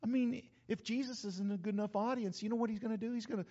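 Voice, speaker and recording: A man's voice: sits high, steady tone, fast talker, mellow. A male pastor preaching a sermon in a church, emphatic and calling out to the congregation. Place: church sanctuary. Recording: echoey hall, dull lo-fi sound.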